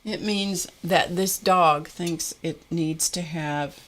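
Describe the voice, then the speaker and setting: A chatty woman talks her viewers through her craft work on a live stream, laughing as she goes. Her voice sits a little low for a woman. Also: takes it slowly. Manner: chatty and animated, laughs often. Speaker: art livestream host. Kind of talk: casual live-stream chat while crafting.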